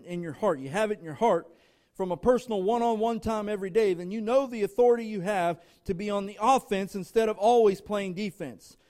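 In a high-pitched, mellow voice, a visiting preacher delivers a sermon to a church. He is emphatic, driving points home through rhythmic lists of short phrases and speaking directly to the congregation.

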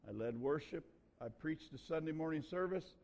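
A male pastor delivers his sermon in a relaxed, folksy manner, telling stories with homespun grammar. His voice sits a little higher than most men's. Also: normal speed. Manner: folksy, conversational preaching with dialect grammar. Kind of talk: sermon with personal story.

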